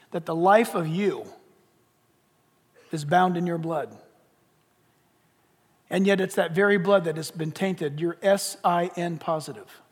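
High-voiced preacher in an echoing hall. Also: male voice, husky. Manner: earnest, pleading preacher, blunt and repetitive. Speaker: pastor. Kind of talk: sermon with altar call. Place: church sanctuary. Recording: long reverb of a large hall.

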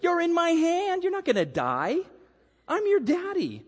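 A man's voice: very high voice, wildly swooping pitch, unhurried, big-room sound, voice pushed up, full character voice. A man playing God as a loving, reassuring heavenly father, talking to a frightened child.

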